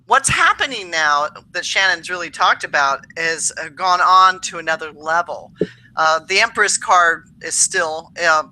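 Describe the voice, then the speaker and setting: A woman's voice: fairly low pitch, unhurried, pushed and bright, rough recording. A woman co-hosting a casual astrology show, reading tarot cards in a chatty, upbeat way with lots of fillers. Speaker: tarot reader co-host.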